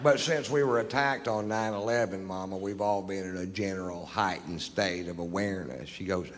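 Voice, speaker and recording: A male stand-up comedian telling jokes on stage in a dry, deadpan drawl, with plenty of profanity. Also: low-pitched, normal speed. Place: theater stage. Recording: live show in a reverberant hall with audience noise. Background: audience laughter.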